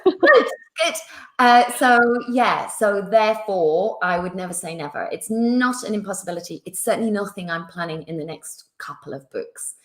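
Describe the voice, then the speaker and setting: A woman's voice: medium pitch, moderate pace. Chatty northern English woman, roomy sound. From England. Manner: chatty, self-deprecating, laughs often. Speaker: guest author. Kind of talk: casual interview chat. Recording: roomy echo.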